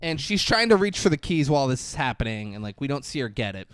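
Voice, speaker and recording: A man's voice: mid-range voice, fast, clear, resonant tone, no room sound. A man co-hosting a podcast, retelling a film scene by scene in casual chat, acting out lines and swearing. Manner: animated, acts out scenes, swears. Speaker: podcast co-host. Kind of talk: casual movie recap chat.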